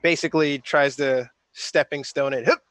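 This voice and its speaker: A man playing a tabletop game who checks the rules and asks quick questions about what his character can do. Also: fairly high pitch, crowd noise. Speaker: player. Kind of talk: casual tabletop game play.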